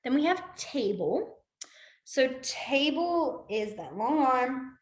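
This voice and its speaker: A young woman teaching a beginner sign language class over a video call from home, chatty and rambling, her voice dropping low and quiet as she shows each sign. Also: big pitch swings, slow pace, echoey room. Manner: chatty, drifts into asides, trails off quietly while demonstrating signs. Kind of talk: casual online class instruction. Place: room at home with a window. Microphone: computer mic on a video call.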